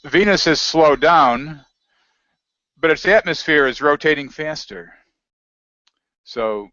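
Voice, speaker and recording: A man's voice: medium pitch, a bit bright. A man chats loosely as an interview guest, drifting between thoughts and reading passages aloud from web pages. The audio sounds muffled and lo-fi, with no room echo. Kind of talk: casual conversational interview. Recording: dry, dull lo-fi audio.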